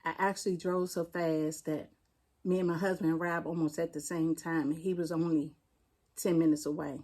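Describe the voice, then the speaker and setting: Her voice deep and level, a mellow-voiced D.C. woman who works as a firefighter recounts her loss as an interview guest. She retells the painful story haltingly and in plain words.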